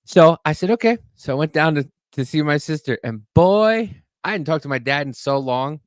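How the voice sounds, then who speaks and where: A man co-hosting a podcast, telling a long self-mocking story in a loose, profane, animated way. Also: a little high, normal speed, dry recording, clean studio sound. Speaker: podcast co-host. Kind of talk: casual storytelling chat.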